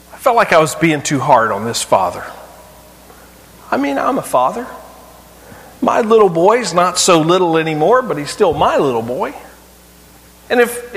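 A middle-aged man preaching a sermon as pastor, pressing rhetorical questions and swinging between loud and hushed delivery. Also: a little high. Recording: long hall reverb.

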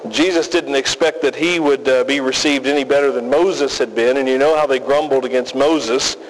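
A man preaching a sermon as pastor, emphatic and deliberate with folksy asides, recorded in a reverberant hall. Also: medium pitch, fairly even intonation.

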